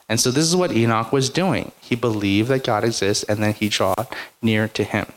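With a voice on the low side and a normal speed, a male pastor addresses his congregation. His sermon rambles through personal stories in a conversational way, full of "like" and "right?".

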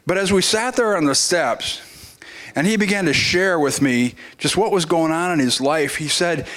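A man's voice: a little high, normal speed, fairly bright tone. Man preaching in conversational storytelling. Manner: conversational storytelling with frequent restarts. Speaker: guest preacher. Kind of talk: sermon.

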